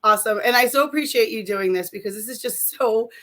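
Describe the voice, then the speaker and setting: A woman in her forties, a guest in a casual interview, chatty and a little hoarse from a recent cold. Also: a little high, fast talker, sharp tone. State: slightly hoarse from a chest cold.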